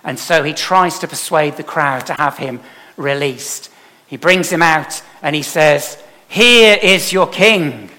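A man preaching a sermon emphatically, putting rhetorical questions to his congregation and swinging from loud to soft. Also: on the high side, a little slow. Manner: emphatic, with dramatic swings in loudness. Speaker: pastor.

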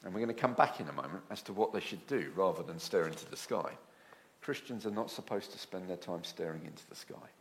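A man preaching a sermon, telling stories with lively asides. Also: low voice, fairly quick, slight background noise. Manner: animated storytelling with acted asides.

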